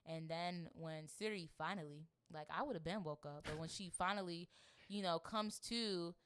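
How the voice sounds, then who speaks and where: A young woman from Florida co-hosting a podcast in casual chat, animated and acting out scenes. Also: lowish voice, normal speed, a little hiss or hum. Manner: animated, acts out scenes with quoted voices. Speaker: podcast co-host.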